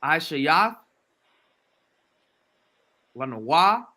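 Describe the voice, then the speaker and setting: A man slowly reading scripture aloud, sounding out each word syllable by syllable. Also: a little high, very animated, pushed and bright. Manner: halting, sounds out words syllable by syllable. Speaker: reader.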